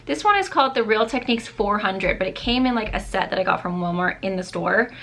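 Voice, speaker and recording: A woman's voice: mid-range voice, expressive, fairly quick, a bit bright. A young adult woman chatting casually in a makeup review vlog, gushing and filling her talk with "like" and "um", her voice a little worn as she says she is losing it. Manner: chatty, gushing, many fillers like "like" and "um". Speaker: beauty vlogger.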